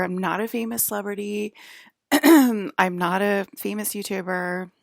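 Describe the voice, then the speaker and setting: A woman's voice: medium pitch, steady tone, a little slow, creaky, dry recording. A woman vlogger talking alone in a rambling, sarcastic way, filling her speech with "like". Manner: sarcastic, heavy use of "like". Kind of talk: rambling solo vlog monologue.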